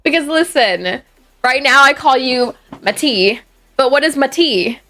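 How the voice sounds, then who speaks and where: Over faint game music, a woman livestreams a game and banters with her audience, laughing often and teasing them. She has a high, bright, forceful voice, animated but delivered at a measured pace.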